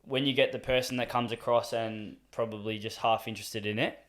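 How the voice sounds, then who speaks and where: A rapid-talking man co-hosting an informal chat. His voice is mid-pitched, and he speaks bluntly, swearing casually as he makes his points. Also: fairly even intonation, a bit bright. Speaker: podcast co-host.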